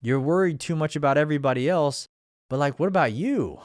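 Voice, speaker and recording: A man's voice: on the high side, brisk, no room sound, studio quality. A young man hosting a show, giving a blunt, profane motivational monologue full of pushy rhetorical questions. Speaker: show host.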